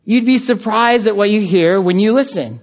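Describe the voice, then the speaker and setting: American male pastor, higher voice, lively storytelling sermon delivery with fillers. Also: moderate pace. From United States. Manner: animated storytelling with frequent filler words.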